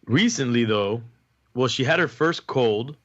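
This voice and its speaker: A young man co-hosts a casual podcast, talking in a relaxed, easygoing way. His voice is bright and forward. The recording is a little muffled. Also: mid-range voice, a little slow. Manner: laid-back, laughs easily. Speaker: podcast co-host. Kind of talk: casual chat.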